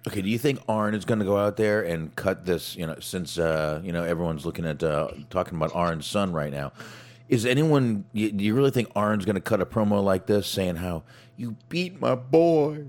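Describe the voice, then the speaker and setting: A man with a very deep voice hosts a casual chat show. He talks in a halting way and keeps restarting his sentences. Fillers like "um" and "like" run all through his speech. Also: darkish tone. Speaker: podcast host.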